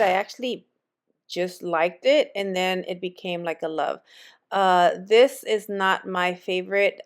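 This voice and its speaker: A woman vlogger chatting casually with viewers as she walks through a shop and shows them what's on the shelves. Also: lowish voice. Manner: chatty, friendly, addresses viewers as friends. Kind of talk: casual store walk-through chat. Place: retail store.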